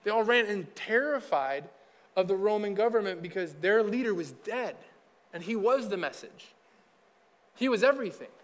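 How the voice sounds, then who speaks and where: Quick chatty pastor guy, highish voice, echoing church hall. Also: animated. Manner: chatty, acts out dialogue in quick asides. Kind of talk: casual conversational sermon.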